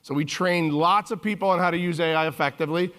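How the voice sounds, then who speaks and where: A man in his forties giving a humorous keynote on stage, telling stories with lively acted-out quotes. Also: a little high, fast, clear, resonant tone. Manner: animated, jokey, acts out quotes in voices. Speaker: keynote speaker. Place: conference stage.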